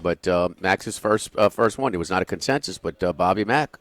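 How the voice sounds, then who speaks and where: A man's voice: low voice, a little fast, a bit bright, no echo. A man hosting a sports radio show, chatting casually and teasing his co-hosts with bursts of laughter. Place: radio studio.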